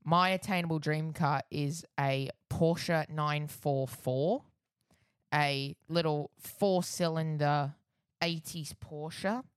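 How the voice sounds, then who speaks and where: A man's voice: fairly high pitch, slow pace, clear, resonant tone, no room sound. A man, co-hosting a casual podcast, with a dry and laid-back delivery. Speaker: podcast co-host.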